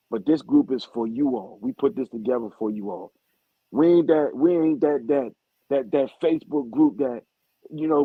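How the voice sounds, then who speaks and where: A man's voice: a little high, slightly rough, no echo. A man hosting a live video-call group talk, speaking bluntly and emphatically with a lot of cursing. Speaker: group admin and host. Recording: dull lo-fi stream audio.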